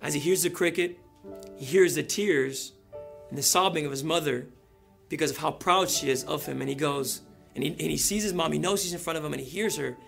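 A male pastor preaching a sermon, telling a story and building to loud emphatic peaks. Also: a little high, brisk, vocal fry, soft background music.

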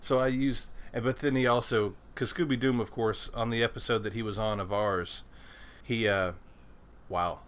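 A man's voice: lowish voice, fairly even intonation, normal speed, fairly bright tone. A man hosting a podcast in casual chat, rambling with stumbling restarts and swearing freely. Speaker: podcast host.

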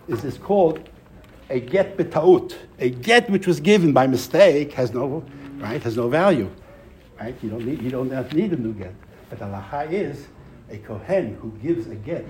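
A man giving a Torah class to a live audience, telling a story with lively emphasis, repeating phrases and using Hebrew terms. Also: medium pitch, slight background noise, low-quality recording.

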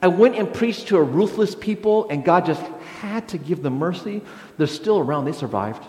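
A man's voice: sits high, expressive, moderate pace, dark tone, pitched above the performer's own voice. A man voicing a grumbling, self-pitying male prophet who complains melodramatically. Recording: echoey hall reverb.

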